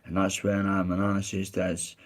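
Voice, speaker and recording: A man's voice: low voice, completely flat delivery, fairly quick. A Scottish man chatting casually on a live stream, reading out chat messages in a blunt, candid way with plenty of swearing and heartfelt asides.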